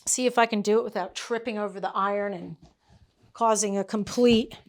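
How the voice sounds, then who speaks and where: A woman's voice: mid-range voice, fairly even intonation, a little fast. A middle-aged woman teaching tailoring in her workshop, chatting casually, laughing often and checking in with "okay?" and "all right?". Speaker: tailoring instructor. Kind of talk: casual teaching chat with anecdotes.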